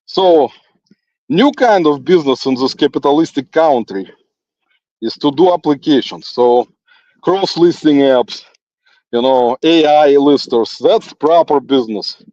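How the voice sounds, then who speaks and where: A man's voice: a little high, animated, a little slow, warm tone, dry recording. A man with a non-native English accent talks in a rambling, teasing monologue while walking outdoors, often chuckling and addressing an absent critic. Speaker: livestream host. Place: outdoors in a forest. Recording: dull, lo-fi phone sound.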